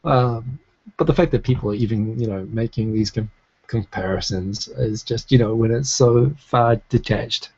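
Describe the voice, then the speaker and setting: A man's voice: mid-range voice, normal speed, darkish tone, slightly rough, highs cut off. A man from New Zealand with a New Zealand accent, hosting a casual live stream, chatting and reading out viewer comments in a rambling way with many restarts. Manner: rambling, frequent restarts and fillers. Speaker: live stream talk show host. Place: home in Tokyo.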